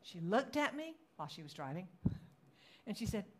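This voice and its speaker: A woman pastor preaching a sermon, moving between relaxed storytelling and dramatic, loud acted-out quotes. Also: moderate pace, slightly rough. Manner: dramatic, acts out quotes with rising pitch and volume; conversational storytelling with fillers.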